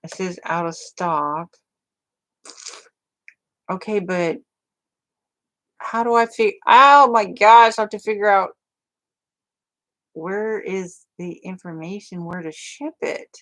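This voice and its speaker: A woman's voice: on the low side, takes it slowly, long pauses. A woman rambling chattily to viewers of her livestream, full of fillers. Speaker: crafting livestream host. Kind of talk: casual livestream chat.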